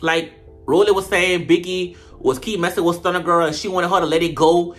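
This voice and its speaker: Male comedic reviewer, high-pitched, sassy and profane, faint background music. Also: brisk. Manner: sassy, profane and animated, full of slang. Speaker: show reviewer. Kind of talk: comedic reality-TV recap.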